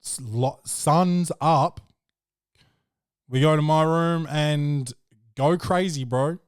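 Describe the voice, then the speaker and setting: A man's voice: on the high side, slow, clean tone, dry recording. Man, podcast host, casual rambling chat, swears a lot, dry close sound. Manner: rambling, profane storytelling, peppered with "bro".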